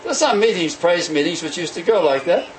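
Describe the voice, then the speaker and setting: A man preaching with a high voice that swings widely up and down, giving an animated sermon. He slips into the voices of the people he quotes. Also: a little fast, slight background noise, rough recording.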